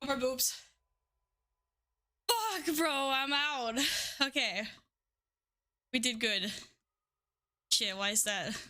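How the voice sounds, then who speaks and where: A woman's voice: high-pitched, drawn-out words, pauses often, bright, forceful tone. A young woman streaming, chatting casually with her viewers, giggling often, swearing freely and out of breath. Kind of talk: casual live-stream chat.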